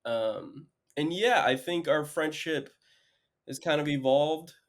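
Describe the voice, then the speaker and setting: A man's voice: on the high side, takes it slowly. A young man in his twenties, co-hosting a podcast from home, telling stories in a rambling way full of fillers. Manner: rambling, filler-heavy storytelling. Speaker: podcast co-host. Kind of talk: casual chat. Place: home, remote recording.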